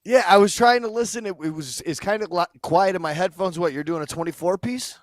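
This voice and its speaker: A man joining from afar through a headset, easygoing and a little teasing. His voice sits somewhat higher than most men's. He talks casually back and forth with the host. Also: fairly quick. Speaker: co-host calling in remotely.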